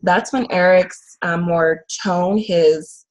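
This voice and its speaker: Soft-spoken earnest woman, halting speech. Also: fairly low pitch, steady tone, rough recording. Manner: earnest, halting, many fillers. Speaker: channeling medium. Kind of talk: casual conversation.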